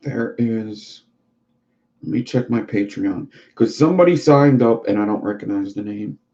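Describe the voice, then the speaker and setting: A man's voice: lowish voice, moderate pace, mellow. A man hosting a casual livestream chat who rambles and swears freely. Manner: profane, rambling. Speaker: livestream host. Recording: dull lo-fi sound.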